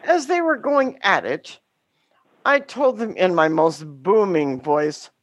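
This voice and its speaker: A middle-aged woman telling a story about her teaching days, with a deliberate, dramatic delivery and wry humor. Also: fairly low pitch, lively intonation, no echo.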